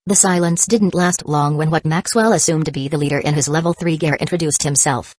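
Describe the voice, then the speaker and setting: Narrator, female, low register, dry close sound, steady audiobook read. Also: brisk, dry recording. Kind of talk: scripted narration.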